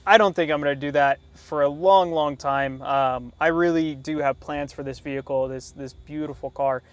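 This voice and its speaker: Animated man telling a story. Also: on the high side, moderate pace, clean tone, no room sound. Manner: animated, laughing storyteller, many fillers and restarts. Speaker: car vlogger. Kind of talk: casual storytelling to camera. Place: car detailing shop.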